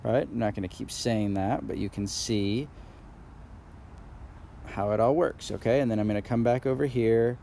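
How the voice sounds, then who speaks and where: A man with a low, gravelly voice teaches a drumline exercise in a recorded video lesson. He explains step by step and patiently, with frequent fillers, and counts beats out loud. A faint hiss sits under the recording. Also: normal speed, long pauses. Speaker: percussion instructor.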